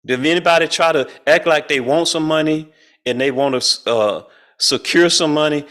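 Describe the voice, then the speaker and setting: A man's voice: a little high, normal speed, fairly bright tone. A middle-aged man leading a spiritual study group over a video call, talking in a folksy, colloquial way and chuckling often. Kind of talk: casual spiritual talk.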